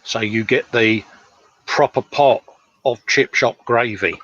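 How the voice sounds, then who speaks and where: A man's voice: mid-range voice, slow pace, a bit bright, dull audio. A man co-hosting a casual live chat, joking and laughing as he goes. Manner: jokey, laughs often. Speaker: co-host.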